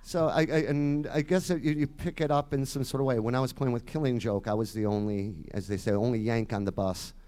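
A man's voice: mid-range voice, fairly even intonation, a little fast, hardly any pauses. A man in his fifties from the Detroit area with a Michigan accent, a musician chatting at length as an interview guest, his voice a little nasal. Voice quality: slightly nasal. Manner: rambling, chatty, trails off quietly. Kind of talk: casual chat.

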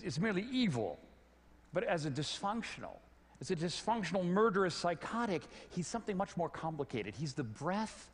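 A middle-aged man giving a stage talk with a lively, fast-moving delivery that swings up and down in pitch. He often stumbles and repeats words as he goes. His voice carries a long reverb from a large hall. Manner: animated, stammers on repeated words. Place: large hall before an audience.

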